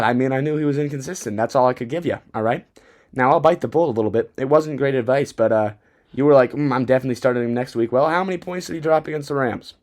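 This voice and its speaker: A young man hosting a fantasy football podcast, talking in a rambling, excitable way and often stumbling over his words. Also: medium pitch. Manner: rambling, self-interrupting, excitable. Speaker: podcast host. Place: Bozeman, Montana.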